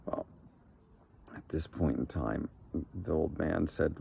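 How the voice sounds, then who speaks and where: A man narrating a folk tale in a relaxed, conversational way with occasional fillers. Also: very deep voice, takes it slowly, creaky, long pauses. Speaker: storyteller. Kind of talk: improvised story narration. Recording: background noise.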